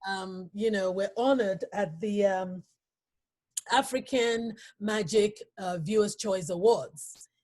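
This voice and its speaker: A woman hosting an interview, halting and emotional, with many pauses and fillers. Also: medium pitch, a little mellow. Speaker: talk show host.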